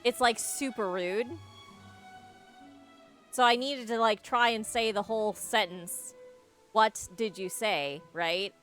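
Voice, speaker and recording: A woman's voice: on the high side, a little slow, long pauses, fairly bright tone, soft background music. A woman streaming a game, chatting casually and joking at her own expense. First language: English. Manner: chatty, joking and self-mocking with frequent laughs. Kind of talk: casual live-stream chat while gaming.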